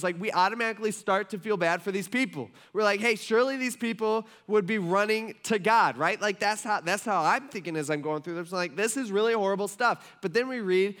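A man's voice: on the high side, fairly bright tone. A male pastor giving a casual sermon, talking conversationally with many fillers and asking the congregation questions. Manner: conversational, filler-heavy, asks the room questions.

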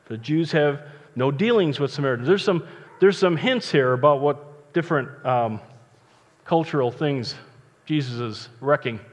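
A man's voice: on the high side, expressive, moderate pace. A man preaching a casual sermon as pastor, chatty and joking between Bible readings. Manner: chatty, joking asides, conversational. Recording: long reverb, dull lo-fi sound.

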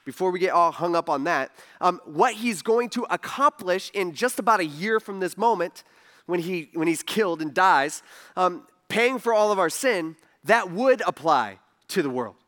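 Chatty high-voiced male preacher. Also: expressive, moderate pace, fairly bright tone. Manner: conversational, rhetorical questions and asides. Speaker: pastor. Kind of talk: casual sermon.

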